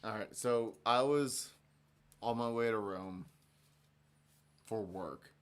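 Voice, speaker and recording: A man's voice: fairly low pitch, slow pace. Man telling a story with gusto. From Ohio, US. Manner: animated storyteller, swears freely. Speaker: guest. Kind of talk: casual chat.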